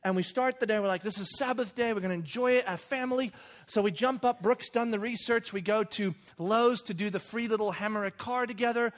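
A man, telling a lively story about his children and acting out voices with loud bursts. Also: high-pitched, fairly quick. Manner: animated, acts out kids and himself with loud bursts. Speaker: father and speaker. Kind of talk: storytelling talk.

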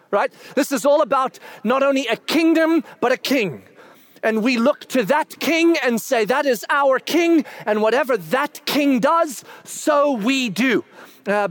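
A middle-aged pastor preaches in a notably high voice, speaking with real animation. At his peaks he swells into loud, excited shouting, then settles back into plain explanation.

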